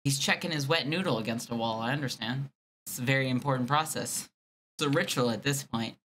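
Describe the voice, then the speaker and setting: A man chatting casually to his live stream audience, excitable and joking. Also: medium pitch, fairly quick, slight background noise. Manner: excitable, joking asides to chat.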